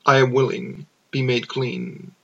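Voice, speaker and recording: A man reading the lines of a calm, authoritative male teacher and healer in a measured, steady way. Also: mid-range voice, vocal fry, highs cut off. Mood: solemn. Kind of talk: dramatized scripture reading.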